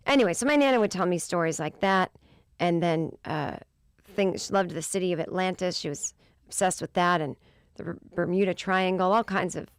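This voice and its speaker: A woman in her thirties, a comedian hosting her podcast, telling rambling funny stories with lots of swearing and bursts of loud exasperation. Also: fairly low pitch, smooth, dry recording, studio quality. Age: 30s. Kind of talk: casual comedic storytelling.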